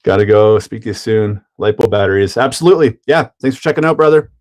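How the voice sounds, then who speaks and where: A man's voice: lowish voice, lively intonation, quick pace, darkish tone. A man hosting a casual hobby livestream, chatting and laughing while he builds a model car and greets viewers by name. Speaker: livestream host.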